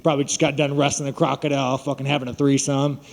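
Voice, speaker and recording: A man's voice: mid-range voice, flat delivery, quick pace, vocal fry. A man, a fighter at a media day, talking bluntly and mockingly to reporters and swearing constantly. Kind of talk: profane, boastful press scrum talk. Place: large room at a media event. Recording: long hall reverb.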